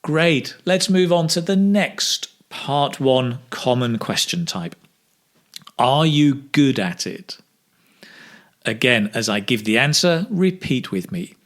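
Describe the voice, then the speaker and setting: A man teaching English speaking, modelling phrases slowly with exaggerated intonation for learners to repeat. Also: mid-range voice, big pitch swings, a bit bright. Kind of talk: slow, clear pronunciation drill.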